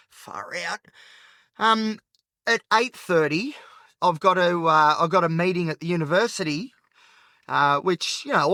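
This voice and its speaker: Agitated Australian man, bright and high. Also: no echo. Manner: rambling and frank, heavy on filler. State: agitated and anxious. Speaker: podcast host. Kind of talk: candid solo monologue while driving. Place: inside a car at night.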